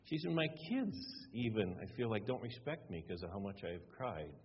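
Low-voiced pastor man preaching in a reverberant hall. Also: big pitch swings, moderate pace, a little hiss or hum. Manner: conversational, retelling dialogue with varied emphasis. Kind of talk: sermon with storytelling. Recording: dull sound with long hall reverb.

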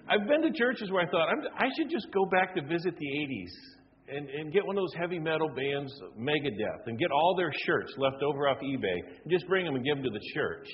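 A man preaching a sermon, animated and acting out the people in his story. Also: fairly high pitch, fairly quick, slight background noise. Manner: animated, acts out quoted voices. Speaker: pastor. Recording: dull sound in a reverberant hall.

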